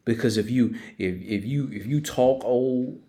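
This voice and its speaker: A man's voice: medium pitch, unhurried, dark tone. An older man leading a casual Bible study, reading verses aloud and then explaining them in plain everyday talk.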